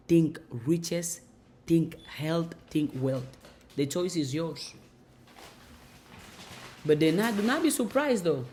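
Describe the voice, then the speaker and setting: A woman's voice: low voice, dark tone. A woman giving a motivational monologue in an emphatic, repetitive, preaching manner. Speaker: motivational speaker.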